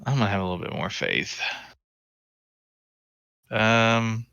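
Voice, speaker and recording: Gravelly, lively player swearing freely. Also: male voice, on the low side, a little slow, no room sound, highs cut off. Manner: blunt, swearing, excitable. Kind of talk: casual tabletop play.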